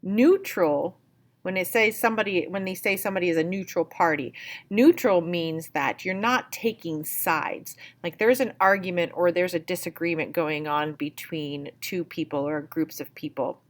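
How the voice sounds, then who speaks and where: A woman's voice: on the low side, moderate pace. A woman teacher reading a picture book aloud and patiently explaining words step by step.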